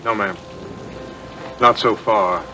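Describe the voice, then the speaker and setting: A man's voice: slow, pushed and bright, recorded from a distance, slight background noise, rough recording. An actor playing a restless man who has quit drinking, answering curtly and bitterly, in 1980s TV soap acting. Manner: low, curt, bitter. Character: sober former drinker, restless grown son.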